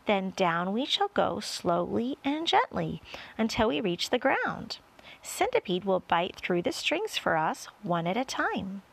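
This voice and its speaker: A woman voicing an excited young boy hero in a storybook reading, eager and bouncing with excitement. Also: mid-range voice, measured pace, vocal fry, husky, heavily acted. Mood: confident.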